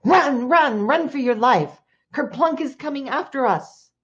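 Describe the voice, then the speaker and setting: A woman's voice: medium pitch, wildly swooping pitch, fairly quick, lo-fi sound. A woman voicing an alarmed prowling fox in a told folktale.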